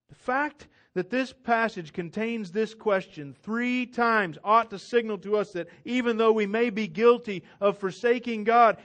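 A man preaching a sermon, swinging between loud emphatic declarations and hushed, intimate appeals. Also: sits high. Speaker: pastor.

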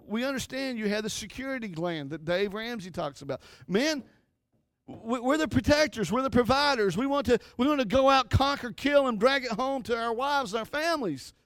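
Male pastor, middle-aged, high voice, fervent sermon, dry close sound. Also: lively intonation, moderate pace, a bit bright, no room sound. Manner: impassioned preaching, rising and falling emphasis.

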